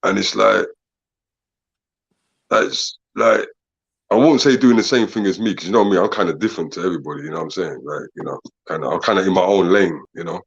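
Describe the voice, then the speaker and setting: A fairly low-voiced man, chatting on a casual podcast. He asks question after question, laughs easily and drops "bro" and "man" throughout. The sound is a bit dull and lo-fi. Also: fairly quick, gravelly, breathy edge. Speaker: podcast co-host. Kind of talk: casual chat.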